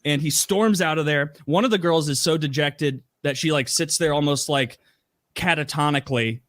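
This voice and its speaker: A man's voice: fairly high pitch, normal speed, dry recording, studio quality. A man hosting a podcast, animatedly retelling a story in casual chat with lots of filler words. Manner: animated retelling, heavy use of "like". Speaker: podcast host.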